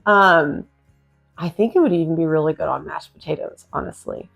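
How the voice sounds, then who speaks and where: A woman's voice: low voice, normal speed, vocal fry, fairly bright tone. Cooking host, female, upbeat and chatty, speaks to her viewers at home, faint music underneath. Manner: chatty, enthusiastic, addresses viewers as guys. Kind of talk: casual cooking demonstration. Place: home kitchen.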